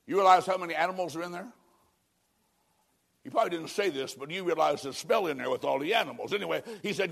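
A man preaching a sermon in an emphatic, dramatic way, swinging from loud declarations down to a near hush and acting out quoted figures in his own voice. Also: on the high side, a little fast, vocal fry, long pauses. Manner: emphatic, dramatic delivery with sudden drops to a hush.

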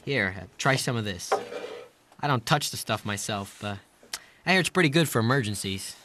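A woman's voice: a bass voice, expressive, normal speed, over music. A woman voicing a cocky teenage boy who cracks sarcastic jokes. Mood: joking. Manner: sarcastic, joking.

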